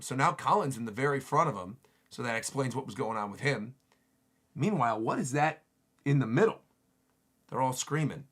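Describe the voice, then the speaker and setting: An excitable man reads comic panels aloud on a live stream. His voice is bright and a little husky, and it swings wide in pitch as he jumps between characters. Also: brisk. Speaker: manga reaction streamer. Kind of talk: reading a comic aloud and reacting.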